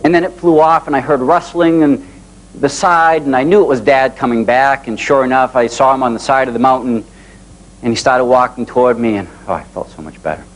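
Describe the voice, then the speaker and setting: A man in his forties giving a live motivational talk to an audience, telling personal stories in an animated way. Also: mid-range voice, a little fast, rough recording. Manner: animated storytelling, acting out dialogue with rising excitement. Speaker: motivational speaker.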